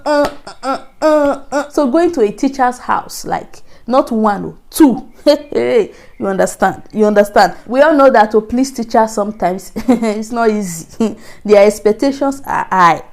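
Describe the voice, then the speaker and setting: A young Nigerian woman vlogging, telling a personal story in a casual, animated way with frequent laughter and repeated words for emphasis. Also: medium pitch.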